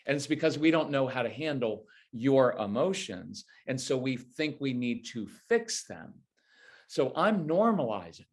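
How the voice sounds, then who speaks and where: A man's voice: mid-range voice, unhurried. A man speaking as a guest expert in an interview, explaining parenting advice in a conversational way and acting out what a parent might say. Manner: animated, acts out parent lines in quoted voices.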